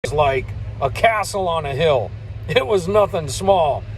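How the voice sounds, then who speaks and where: A man's voice: on the high side, lively intonation, unhurried, breathy edge, poor audio. An older man, a truck driver, telling stories in a rambling, folksy way and chuckling between remarks. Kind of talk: casual spoken storytelling.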